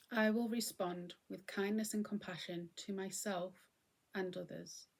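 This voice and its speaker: Gravelly-voiced woman, gentle talk. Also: mid-range voice. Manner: gentle, conversational, often acting out what she would say. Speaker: host. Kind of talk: reflective talk on mindfulness.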